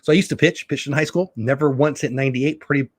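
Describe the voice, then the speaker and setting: A man's voice: mid-range voice, fairly even intonation, fast talker, no room sound, clean studio sound. A middle-aged man hosting a casual live stream from home, rambling and opinionated as he chats with viewers. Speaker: livestream host.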